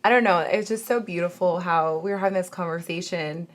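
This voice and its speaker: A woman's voice: on the low side, brisk. A woman hosting a casual panel talk show, prompting the others and encouraging them. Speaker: host.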